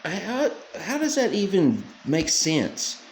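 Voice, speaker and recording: A man's voice: high-pitched, huge pitch swings, slow pace, roomy sound, slight background noise. Scornful ranting male commentator. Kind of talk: mocking reaction commentary.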